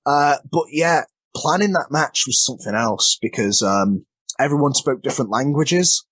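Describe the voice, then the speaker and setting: A man's voice: mid-range voice, lively intonation, normal speed, fairly bright tone, slightly rough, no echo. A man, a wrestler being interviewed, telling rambling, self-deprecating stories and often stumbling over his words. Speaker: wrestler guest. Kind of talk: casual interview storytelling.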